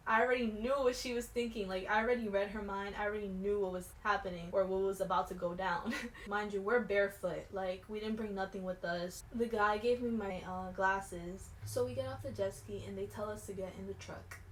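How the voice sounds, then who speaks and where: A young woman vlogger telling a storytime in casual slangy chat, animated, dropping to hushed tones and rising to shouts. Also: mid-range voice, fairly quick. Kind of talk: storytime vlog. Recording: echoey room with faint noise.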